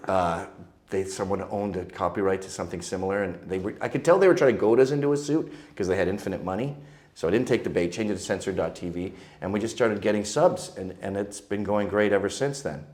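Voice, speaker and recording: Animated storytelling man from Canada. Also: low-pitched, quick pace. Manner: animated, mimics voices in anecdotes. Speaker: guest. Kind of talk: crude comic storytelling.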